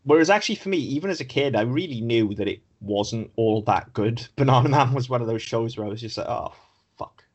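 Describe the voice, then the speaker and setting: A man co-hosting a podcast, talking in a frank, animated way and swearing casually. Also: medium pitch, fast talker, hardly any pauses. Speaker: podcast co-host. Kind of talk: casual chat.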